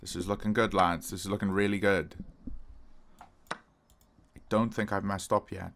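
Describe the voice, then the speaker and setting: A man's voice: lowish voice, level tone, moderate pace, fairly bright tone, a little hiss or hum. A man commenting casually on his own chess games, talking to his viewers as lads. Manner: chatty, calls viewers lads, prone to frustrated outbursts. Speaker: chess streamer.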